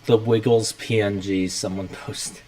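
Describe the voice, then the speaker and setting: A young man with a fairly low voice hosts a relaxed livestream. He rambles in a laid-back way and narrates each step of his setup. The delivery is chatty and unhurried. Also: rough recording. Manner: rambling, talks himself through the setup. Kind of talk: casual livestream chat.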